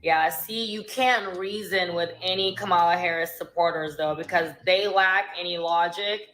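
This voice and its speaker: A woman's voice: lowish voice, fairly bright tone, reverberant, low-quality recording. A woman panelist giving matter-of-fact, dismissive political commentary.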